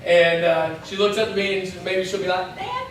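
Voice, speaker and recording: High-voiced pastor in an echoey hall. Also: male voice, moderate pace, slight background noise. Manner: lively storytelling with acted-out voices and asides. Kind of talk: sermon. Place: church. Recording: echoey church hall from far off.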